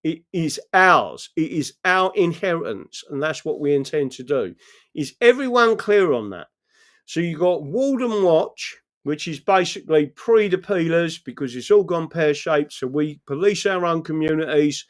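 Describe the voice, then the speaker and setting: A man's voice: on the high side, lively intonation, moderate pace. A man giving an impassioned political address, pressing each point with a repeated "right?". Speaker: political speaker.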